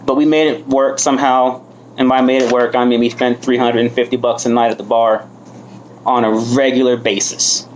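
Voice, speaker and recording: A man in his thirties shares his own story at a recovery meeting. He talks candidly and mocks himself, with plenty of swearing. His voice sits at an ordinary middle pitch for a man. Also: little pitch movement, normal speed, a little hiss or hum, poor audio. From United States. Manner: candid, self-mocking, swears freely. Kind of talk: personal testimony.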